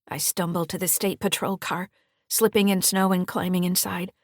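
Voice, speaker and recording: A woman author reading her thriller audiobook in a measured, steady first-person narration. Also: medium pitch, no echo, clean studio sound.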